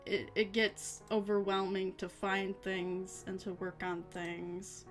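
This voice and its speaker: A woman's voice: medium pitch, little pitch movement, slow, faint music behind. A tired woman streaming casually, rambling to herself and her chat with little laughs. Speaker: vtuber streamer.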